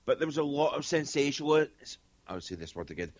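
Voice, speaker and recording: A man's voice: a little high, sing-song, fast, muffled recording. A Scottish man speaking as a guest medium in a casual interview, blunt and straightforward, rambling with lots of fillers. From Scotland.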